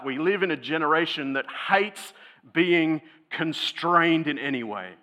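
A man's voice: fairly high pitch, bright, forceful tone. A man preaching a sermon in a conversational, thoughtful teaching tone. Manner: conversational, thoughtful teaching tone with occasional light laughs.

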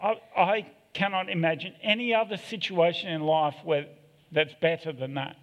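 A man's voice: a little high, steady tone, moderate pace. A middle-aged man, preaching a sermon in a candid, self-deprecating way with joking asides. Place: church hall. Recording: long echo of a church hall.

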